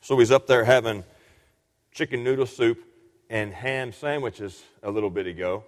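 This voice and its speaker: A man's voice: medium pitch, normal speed. A man preaching a sermon in an earnest teaching manner, often restarting and repeating words. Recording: long hall reverb.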